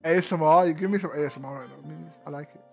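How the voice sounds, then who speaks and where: A man's voice: on the high side, very fast, creaky, slightly rough, faint music behind. A British man chatting casually with friends, teasing and crude, laughing often. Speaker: streamer.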